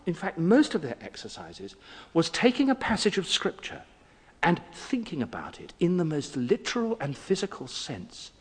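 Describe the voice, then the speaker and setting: A man giving an evening lecture on poetry, telling stories with a husky voice and wide swings of pitch. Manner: expressive storyteller, pitch swinging widely. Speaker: guest lecturer. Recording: echoey hall.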